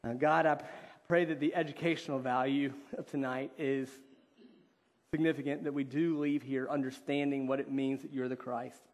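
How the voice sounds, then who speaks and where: A man preaching a sermon in an earnest, conversational way, with fillers, reading scripture slowly and deliberately. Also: mid-range voice, little pitch movement. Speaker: pastor.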